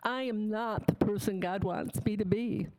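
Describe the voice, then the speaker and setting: A woman's voice: mid-range voice, normal speed, darkish tone, poor audio. Candid woman sharing a faith testimony. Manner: candid, plainspoken, emotional. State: tearful. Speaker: testimony speaker.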